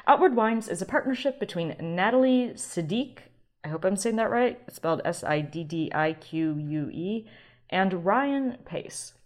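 A woman's voice: mid-range voice, expressive, moderate pace, darkish tone. A woman hosting her own wine podcast, with a chatty, rambling delivery and self-deprecating asides. She talks casually, as if to friends, and breaks off now and then to correct herself. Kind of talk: casual solo podcast chat.

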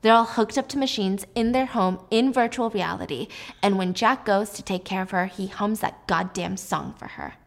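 A woman's voice: mid-range voice, normal speed, creaky. A woman vlogger casually recapping a movie while baking, chatty and playful.

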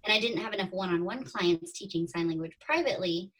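Fast and a bit bright, her lowish voice comes across distant from the mic. She's in her thirties, a guest on a podcast, casually recounting her story in interview style and performing the thoughts she used to have.

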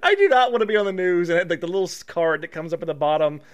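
High, lively male podcast co-host. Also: fast. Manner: reads news items aloud and breaks off to joke and laugh. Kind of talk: casual comedic podcast chat, reading news stories aloud.

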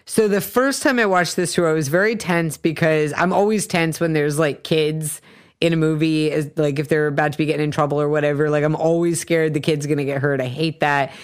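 A woman co-hosting a casual podcast chat, retelling a film scene with lively storytelling and casual swearing. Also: low-pitched, fairly quick, clear, resonant tone. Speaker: podcast co-host.

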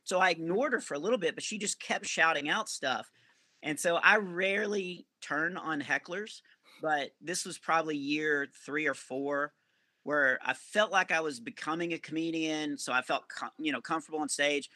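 A male comedian telling rambling, animated stories as a podcast guest. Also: fairly high pitch, normal speed, no echo. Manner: animated, rambling anecdotes with self-corrections. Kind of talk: storytelling podcast interview.

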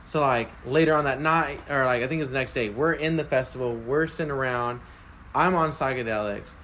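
A man's voice: mid-range voice, fairly quick, a bit bright, slight background noise. A young man on a casual podcast, telling a long story in a loose, rambling way, full of "like" and laughs.

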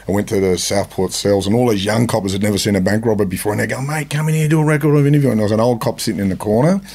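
An Australian man hosting a podcast, prompting his guest and sharing his own stories in a relaxed way. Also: lowish voice, very fast, husky. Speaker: podcast host. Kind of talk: casual interview.

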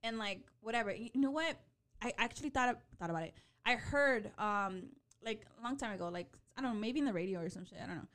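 A woman in her late twenties chatting casually as a co-host, animated and out of breath, swearing freely and slipping into Spanish. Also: fairly high pitch, fast talker. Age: late 20s. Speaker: podcast co-host. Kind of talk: casual chat.

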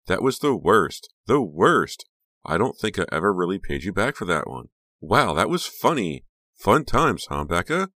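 A man's voice: deep voice, very animated, unhurried, pushed and bright, no echo, studio quality, pitched above the performer's own voice, exaggerated voice. A man voicing a clingy, pouty teenage girl with a creepy streak in an audiobook reading. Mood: insistent.

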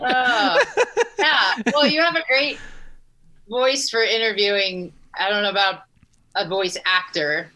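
A woman's voice: mid-range voice, takes it slowly, long pauses, sharp tone. A woman chatting as a podcast guest, teasing the host with dry humor. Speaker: interview guest. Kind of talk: casual interview chat.

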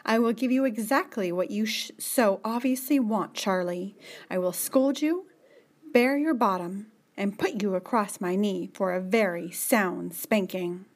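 A woman voicing a stern, commanding middle-aged woman who speaks in brisk, scolding orders. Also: mid-range voice.

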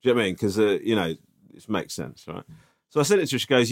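A man's voice: fairly low pitch, very fast, creaky. A man, co-hosting a podcast and telling a story in casual, swearing chat, often checking with "right?". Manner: animated, swearing, tag questions. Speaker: podcast co-host.

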